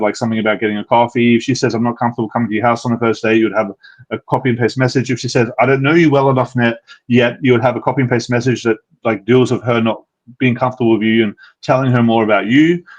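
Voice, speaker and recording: An Australian man talks through dating advice on a live video call, racing along at a quick clip. His voice sits at an ordinary middle pitch, and he stumbles and restarts as he goes. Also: poor audio. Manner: fast and rambling, frequent fillers and restarts. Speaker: dating coach, live Q&A host. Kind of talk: casual live-stream chat.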